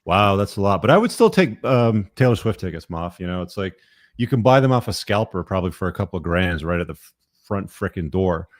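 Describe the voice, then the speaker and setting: A man's voice: sits low, very animated, a little fast, no echo, clean studio sound. A middle-aged man hosting a podcast, giving blunt, profane opinions with many fillers. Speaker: podcast host. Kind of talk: casual podcast talk.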